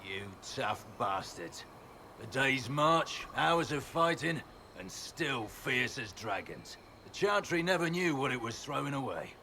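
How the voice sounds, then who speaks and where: An actor playing a gruff, boastful male general in a video game, speaking in a taunting, scornful way. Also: mid-range voice, very animated, a little slow, bright, forceful tone, a little hiss or hum, exaggerated voice. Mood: admiring.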